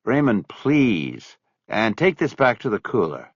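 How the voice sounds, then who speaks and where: A curt, forceful middle-aged man with a low, husky voice and lively ups and downs, as a male narrator plays him. The audiobook recording sounds dry and slightly dull. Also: unhurried, no echo, exaggerated voice. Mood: tense. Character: angry, clipped middle-aged man holding back rage.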